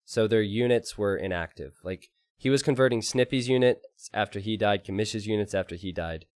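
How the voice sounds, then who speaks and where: A man casting a strategy game live and chatting with his stream audience, excitable and quick to laugh. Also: fairly low pitch, clean tone, no room sound, studio quality. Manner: excitable, laughs often, talks to chat.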